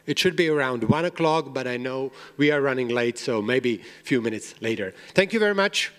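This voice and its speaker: A man's voice: mid-range voice, expressive, brisk, fairly bright tone. Man hosting in an echoing hall. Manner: light joking, loose phrasing. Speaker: conference host. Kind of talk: event announcements. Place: conference hall. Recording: long reverb of a conference hall.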